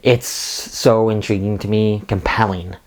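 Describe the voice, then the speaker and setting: A man's voice: lowish voice, steady tone, a little slow. A man hosting a casual spoiler recap and review, talking with eager enthusiasm and a lot of "like" fillers. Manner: enthusiastic, rambling with frequent "like". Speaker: video reviewer and host.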